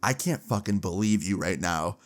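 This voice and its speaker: A man's voice: low-pitched, lively intonation, normal speed, pitched below the performer's own voice. A man quoting his angry young ex-girlfriend in a curt, hostile way.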